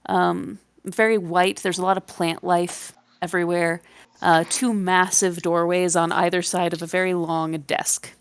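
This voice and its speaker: A woman narrating as game master of a tabletop game, slow and descriptive with many fillers. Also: on the low side, flat delivery, clear, resonant tone, no room sound.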